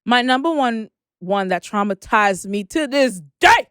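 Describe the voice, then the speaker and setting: A young woman chats as a podcast co-host with a smooth, clear, fairly high voice. She talks in an animated way and acts out her own reactions as she goes. The sound is close and dry. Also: unhurried, dry recording. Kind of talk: casual chat.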